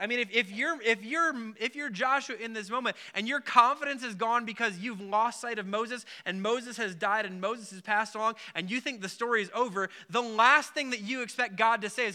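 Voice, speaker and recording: A man preaching in a relaxed, conversational way, his voice high and very bright. He scatters filler words through his talk and slips into the voices of the people in the story. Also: moderate pace, hardly any pauses. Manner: conversational, many filler likes, acts out biblical voices. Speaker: pastor. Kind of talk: casual sermon.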